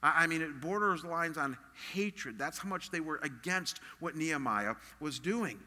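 A man's voice: on the high side, lively intonation, normal speed, pushed and bright, big-room sound. A man preaching a sermon as a pastor, earnest and emphatic in a conversational way.

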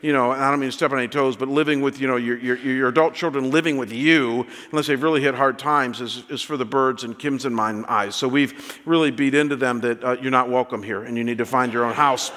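A man in his fifties preaching a sermon, telling stories in an animated way with many restarts. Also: medium pitch, brisk, hardly any pauses, big-room sound. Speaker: pastor.

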